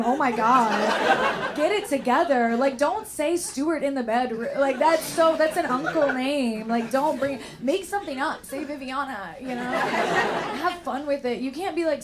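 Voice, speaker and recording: Raspy young woman doing brash stand-up. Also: sits high, expressive, a little slow. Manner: brash, bawdy, self-mocking. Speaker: stand-up comedian. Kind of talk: stand-up comedy set. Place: comedy club stage. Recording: loud crowd and noise in a club. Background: crowd laughing.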